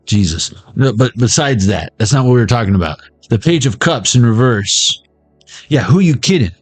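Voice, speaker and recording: A man giving a tarot reading as a comedic monologue, riffing with jokes and jumping into squeaky high voices. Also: expressive, moderate pace, slightly rough, dry recording, soft background music. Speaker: tarot reader.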